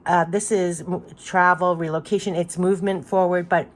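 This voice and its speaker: A woman's voice: lowish voice, fairly even intonation, normal speed. A woman doing a casual spiritual card reading, chatty and repetitive with many fillers, her voice congested from allergies.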